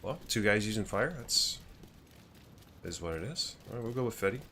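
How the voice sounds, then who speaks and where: A man's voice: lowish voice, animated, moderate pace, bright, forceful tone, a little hiss or hum. A man in his thirties casually telling a rambling story on a gaming livestream, laughing and restarting often. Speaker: streamer.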